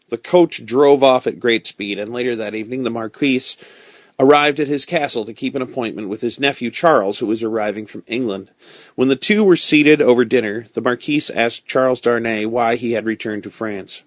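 A man narrates a storybook reading in a calm, measured voice. His pitch sits in the middle of the male range. The sound is dry and close, with no room echo.

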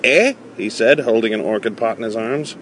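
A man's voice: on the low side, normal speed, a bit bright, a little hiss or hum, lightly acted. A man voicing a stubborn, confused old man clutching his orchid pots. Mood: puzzled.

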